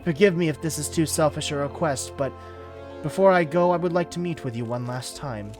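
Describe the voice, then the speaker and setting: A man voicing a sad, soft-spoken young woman archer in a game, talking earnestly. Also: fairly high pitch, fairly quick, close to an everyday voice. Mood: wistful. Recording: clear background music.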